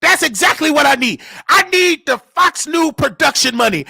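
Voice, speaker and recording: A man hosting a loud live show, his very high voice swinging wildly as he shouts and preaches. The tone is sharp and bright, with a gravelly edge. It is recorded close and dry. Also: moderate pace, hardly any pauses, no echo. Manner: shouting, preachy, animated, scolding listeners. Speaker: show host. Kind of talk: loud live-stream commentary.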